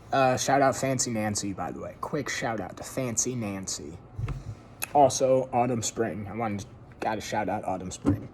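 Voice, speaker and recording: Casual male reader, lively intonation, chatty, informal read-aloud. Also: medium pitch, slight background noise. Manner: relaxed, chatty asides to listeners. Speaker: story reader.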